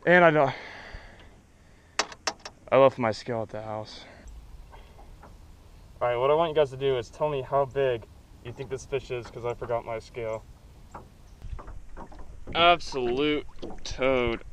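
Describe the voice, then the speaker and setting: A man fishing from a boat outdoors, talking casually to viewers and breaking into excited exclamations. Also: mid-range voice, a little slow, pauses often, highs cut off, background noise. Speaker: angler. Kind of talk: casual fishing vlog commentary.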